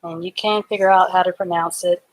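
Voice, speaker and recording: A woman's voice: fairly low pitch, fairly even intonation, fairly quick, no echo. A woman teaching a live online reading class, patiently sounding out words letter by letter and syllable by syllable.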